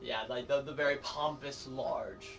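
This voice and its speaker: A man's voice: mid-range voice, fairly even intonation, measured pace, gravelly, fairly bright tone, soft background music. A man playing a tabletop game, talking casually and hesitantly as he thinks aloud. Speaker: player. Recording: distant mic, faint noise.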